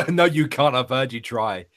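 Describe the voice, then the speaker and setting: A man's voice: mid-range voice, unhurried, a bit bright. A man trading crude, teasing banter in a casual stream chat.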